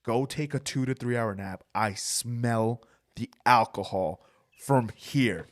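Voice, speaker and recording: A man quoting a stern woman bank manager who scolds slowly and bluntly. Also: mid-range voice, close to an everyday voice. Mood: scolding.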